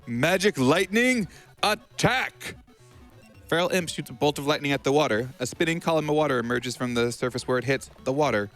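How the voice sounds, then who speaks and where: A man commentates on a speedrun, reading the game's text aloud and joking playfully between lines. His pitch sits in the middle. Faint music plays in the background. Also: steady tone, quick pace, few pauses. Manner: playful, laughs often.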